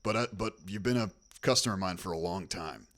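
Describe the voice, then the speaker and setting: A man voicing a cheap, wheedling middle-aged tradesman uncle in hushed, low sales patter. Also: brisk.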